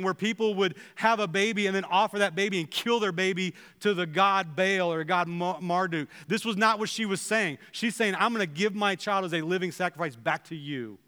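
Pastor guy preaching, high bright clear voice, acts out the quotes, big echoey church hall. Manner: earnest, acts out quoted prayers and dialogue. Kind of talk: sermon. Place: church sanctuary. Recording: long hall reverb.

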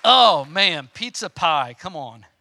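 A middle-aged man preaching from the stage, his high voice sharp and bright. He moves from hushed storytelling into loud, passionate appeals. The sound is dry and close, with no room echo. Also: sing-song, takes it slowly. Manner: swings from quiet storytelling to loud impassioned preaching. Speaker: pastor. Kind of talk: sermon storytelling.

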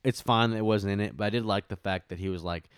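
A man with a fairly low voice hosts a loose film chat. He recaps scenes with rambling enthusiasm and lots of "um"s and "like"s. The sound is dry and close. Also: fairly even intonation, quick pace, clear, resonant tone, no room sound. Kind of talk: casual film discussion.

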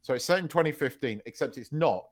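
A man's voice: medium pitch, fast. A man co-hosting a podcast, chatting casually, telling stories with lots of laughter and swearing. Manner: animated storyteller, swears freely, laughs loudly mid-story. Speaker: podcast co-host. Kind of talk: casual chat.

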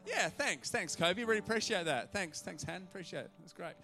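In a church auditorium, a lively male pastor preaches to his congregation, putting on little character voices as he tells stories. His slightly high voice comes across bright and forceful, and he talks fairly quickly. Soft music plays faintly in the background.

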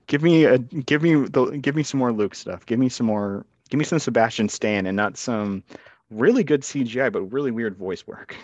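A man's voice: mid-range voice, normal speed, no echo. A man chatting casually on a podcast in a laid-back, joking way, laughing often. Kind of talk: casual chat. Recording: dry, dull lo-fi mic.

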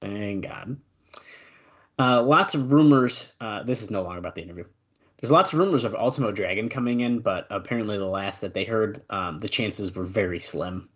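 A male podcast co-host in casual chat, reading out old news notes and adding quick asides. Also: lowish voice, fairly bright tone.

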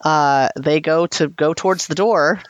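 A woman's voice: low voice, measured pace, no echo. A woman narrating a tabletop role-playing game as game master, describing scenes at length and laughing often.

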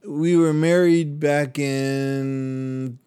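Animated older man telling a story. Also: fairly high pitch, very slow, clean tone, no echo, studio quality. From Latin American heritage, United States. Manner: animated storyteller, acts out voices, laughs often. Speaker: radio and podcast host. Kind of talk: casual storytelling chat.

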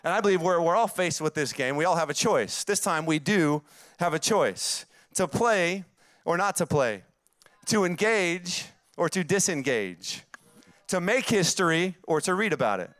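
A man's voice: a little high, expressive, moderate pace, a bit bright, no room sound. A man in his forties with a Southern accent, preaching a sermon with emphatic, repeated phrases that build up. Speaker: pastor.

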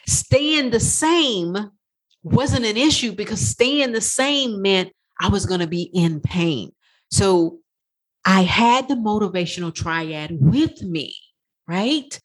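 A woman life coach talking through a podcast monologue, animated and profane, acting out her own inner voice. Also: medium pitch, slow, slightly rough.

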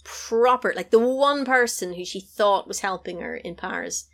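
A woman's voice: mid-range voice, moderate pace. A woman in a casual chat, animatedly retelling a film, acting out the characters' lines and laughing often. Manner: animated, acts out characters' lines in varied voices.

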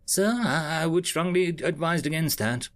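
A man's voice: on the high side, moderate pace, fairly bright tone, voice pushed up, close to an everyday voice. A man voicing a nervous little blue male alien secretary who stammers and defers to his boss.

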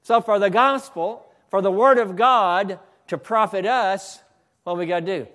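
A male preacher delivering a fervent sermon. He often restarts his phrases, breaks in with exclamations of praise, and builds up to shouting. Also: sits high, unhurried.

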